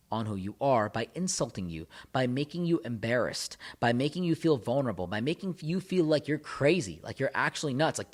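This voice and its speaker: A man coaches the viewer about relationships in a direct advice talk. He leans on repetition and builds toward forceful points. His pitch sits in a middle range. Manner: emphatic, repetitive, builds in intensity.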